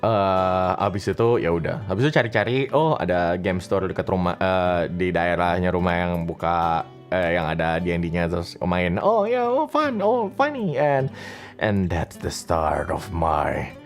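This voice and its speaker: Playful young man. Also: moderate pace. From Indonesia. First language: Indonesian. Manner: playful, teasing, often jumps into a high excited voice. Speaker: streamer answering viewer questions. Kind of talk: casual chat. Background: faint guitar music.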